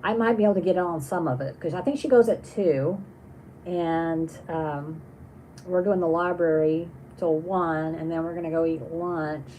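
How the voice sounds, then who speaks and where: A woman's voice: deep voice, fairly even intonation, moderate pace, warm tone, a little hiss or hum, rough recording. A woman hosting a casual livestream, reading viewer comments aloud and chatting on in a rambling way with many restarts. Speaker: livestream host.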